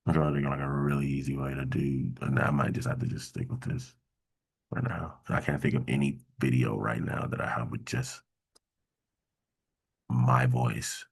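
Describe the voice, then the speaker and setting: A man hosting a casual coding workshop, thinking aloud in a halting way with many fillers and mild exasperation. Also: extremely low pitch, level tone, creaky, slightly rough. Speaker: workshop host. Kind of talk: casual screen-share coding walkthrough.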